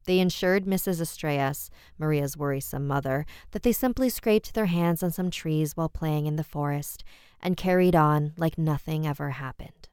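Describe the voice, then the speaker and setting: A woman narrating a horror story in a measured, steady way. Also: deep voice, clear, resonant tone, no echo, clean studio sound.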